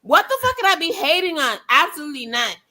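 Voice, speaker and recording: A woman's voice: high voice, big pitch swings, fast talker, sharp tone. A woman with a New York accent, brash, profane and teasing in a casual podcast chat.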